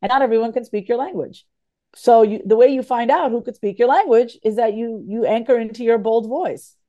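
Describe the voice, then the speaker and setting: A woman guest author talking in a podcast conversation, animated and emphatic, repeating phrases for emphasis. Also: a little high, a little fast, lo-fi sound.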